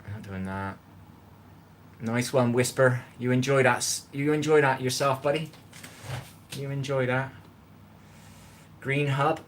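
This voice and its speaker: A man's voice: medium pitch, flat delivery, unhurried, long pauses, a little hiss or hum. A man hosting a casual live cooking stream from his home kitchen, sitting on a chair. He rambles, greets viewers by name and swears freely. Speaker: livestream cooking host.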